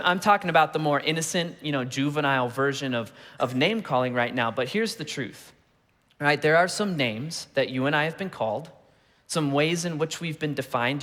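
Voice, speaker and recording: A man's voice: medium pitch, fairly bright tone. A man in his thirties preaching a sermon, telling stories with playful asides and acting out the voices of the people in them. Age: 30s. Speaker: pastor. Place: large church auditorium. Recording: long reverb of a large church hall.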